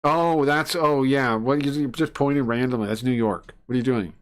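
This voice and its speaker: A man streaming live, swearing and ranting with open scorn. His pitch sits in an ordinary middle range. He talks into a desk mic. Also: moderate pace, clear, resonant tone. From United States. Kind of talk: casual stream rant.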